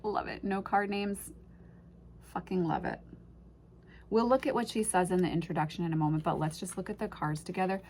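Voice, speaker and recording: A woman's voice: on the low side, fairly quick, a little mellow, a little hiss or hum. A woman casually unboxing and reviewing an oracle deck, gushing and emotional, often trailing off and restarting her sentences.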